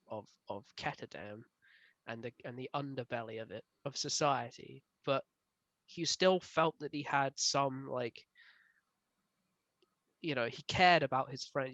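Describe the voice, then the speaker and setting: A man co-hosting a casual book club review, talking in an animated way with frequent laughs. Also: mid-range voice, dry recording, muffled recording. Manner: animated, laughs often, rises loud when ranting.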